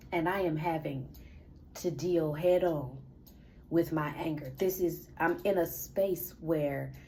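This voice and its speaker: A woman's voice: on the low side, dark tone, a little hiss or hum, poor audio. A woman venting to camera in a personal rant, a parent and student, talking bluntly and emphatically with lots of swearing. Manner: blunt, emphatic and profane, with bursts of laughter.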